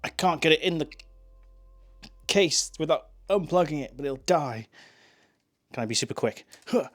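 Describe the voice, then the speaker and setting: A man's voice: a little high, lively intonation, moderate pace, a bit bright. Chatty man streaming. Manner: chatty, joking, answering chat while making coffee. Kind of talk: casual live-stream chat.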